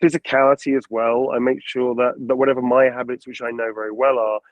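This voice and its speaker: A man talking animatedly in an interview about building characters, his pitch sitting in a middle range. The recording is dry and slightly dull, with almost no room around it. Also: fast, dry recording. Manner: animated, acts out quotes and voices. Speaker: voice actor guest. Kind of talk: interview answers about acting craft.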